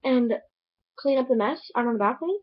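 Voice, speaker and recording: A woman's voice: high-pitched, fairly quick, dull audio, voice pushed up. A woman voicing a fussing, motherly character from a novel she is retelling. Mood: nagging.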